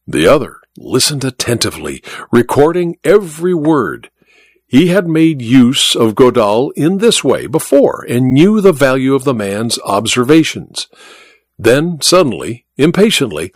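Lively male audiobook narrator. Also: mid-range voice, measured pace, no echo, clean studio sound. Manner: expressive storytelling. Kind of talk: scripted narration.

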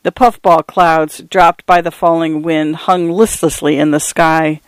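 A man reading a novel aloud as the narrator in steady, even storytelling. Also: fairly high pitch, measured pace, smooth, no room sound. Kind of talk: audiobook reading.

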